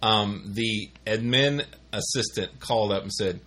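A man's voice: on the low side, very animated, moderate pace, vocal fry, a bit bright, a little hiss or hum. A middle-aged man casually telling rambling office stories, full of fillers and restarts. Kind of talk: casual storytelling chat.

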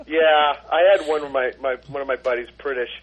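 A man's voice: mid-range voice, fairly even intonation, fairly quick. A man guest on a podcast, telling a rambling story in casual chat. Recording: dull lo-fi sound.

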